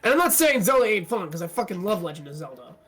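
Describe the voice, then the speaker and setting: A man's voice: high voice, fast talker, crowd noise. Casual young man swearing freely. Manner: casual, swears, excitable bursts. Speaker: podcast co-host. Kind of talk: casual chat. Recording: faint music behind.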